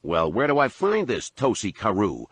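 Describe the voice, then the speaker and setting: A man voicing a skeptical, gruff middle-aged father who mutters his lines, in a deep voice. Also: wildly swooping pitch, moderate pace, heavily acted.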